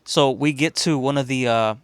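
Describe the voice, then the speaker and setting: A man's voice: mid-range voice, normal speed, smooth. A man from Chicago hosting a podcast, telling a story casually and profanely, rambling and laughing as he goes. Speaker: podcast host.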